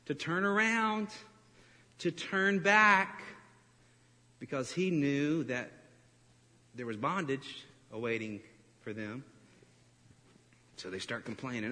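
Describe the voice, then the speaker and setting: A man preaching a sermon as pastor, animated and storytelling, breaking into laughs and acting out quotes. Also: medium pitch, slow pace, pauses often. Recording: reverberant hall.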